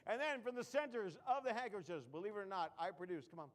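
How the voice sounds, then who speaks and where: A man's voice: high-pitched, animated, fast. A man performing a comedy magic act on a live stage, full of puns and self-mocking jokes. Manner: punning, self-mocking, jokey.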